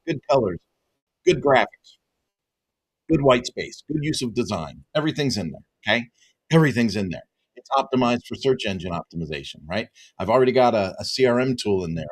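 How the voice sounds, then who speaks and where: A man who runs a web design business, giving an excited, emphatic pitch to viewers and calling them folks over and over. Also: a little fast, no room sound, low-quality recording. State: excited, half-yelling. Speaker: web design agency owner and coach. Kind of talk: energetic direct-to-camera pitch.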